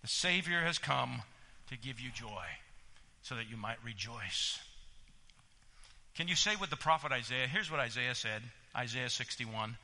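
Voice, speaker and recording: A male pastor preaching a sermon in a church, exhorting his listeners and swinging between loud emphasis and hushed asides. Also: mid-range voice, expressive, a little slow. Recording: long reverb of a church hall.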